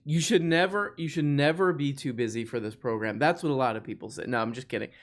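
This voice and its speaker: A man hosting a live call-in stream, talking in a loose, rambling way. He laughs often and restarts his sentences again and again. His voice sits at an ordinary middle pitch. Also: fast. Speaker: host. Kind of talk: casual live-stream chat.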